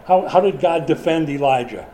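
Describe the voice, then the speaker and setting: A man's voice: on the high side, normal speed, mellow, a little hiss or hum, low-quality recording. A middle-aged man preaching a sermon in a conversational way, asking the congregation questions as he goes. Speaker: pastor.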